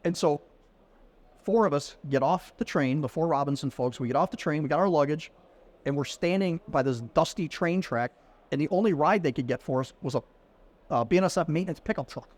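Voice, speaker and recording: A middle-aged man, guesting on a podcast at a conference venue, tells a casual anecdote in a slightly high voice at a fairly quick clip. He's animated, playing out the quoted dialogue as the story unfolds.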